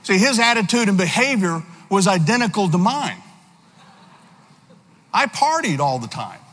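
A man giving a personal testimony in a church, telling his story earnestly with halting restarts. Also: high voice, sing-song, fairly bright tone. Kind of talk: sermon testimony. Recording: long hall reverb.

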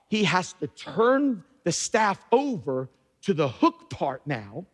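A man preaching a sermon as pastor, emphatic and animated, jumping up in pitch for emphasis and dropping to quiet asides. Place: church sanctuary. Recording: long reverb of a church hall.

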